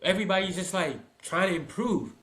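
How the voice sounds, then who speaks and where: A man's voice: sits high, brisk. A man in casual podcast chat about youth soccer, telling stories and acting out what people said. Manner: animated storyteller, acts out quoted people. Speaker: podcast co-host and soccer dad.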